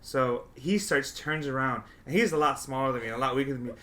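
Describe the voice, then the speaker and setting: A young man hosting a podcast, telling stories in casual chat, animated and swearing freely, sometimes shouting as he acts out scenes. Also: mid-range voice, fairly quick. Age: young adult. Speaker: podcast host. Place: podcast studio.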